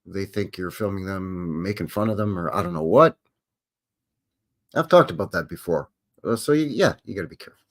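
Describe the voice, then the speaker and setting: A man's voice: sits low, animated, brisk. A man from Canada, hosting a live stream in a rambling chat that acts out quoted voices and answers viewers. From Western Canada. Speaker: livestream host.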